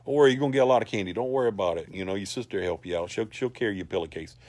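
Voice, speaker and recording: A man's voice: lowish voice, very fast, a little mellow, close to an everyday voice. A man doing a soothing dad. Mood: reassuring. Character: easygoing father calming his young son.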